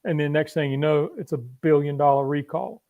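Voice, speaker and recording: A man's voice: on the high side, a little fast, phone-quality sound. A man speaking as a guest on a casual online panel chat, explaining things with lots of fillers. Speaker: panel guest from pharmaceutical industry.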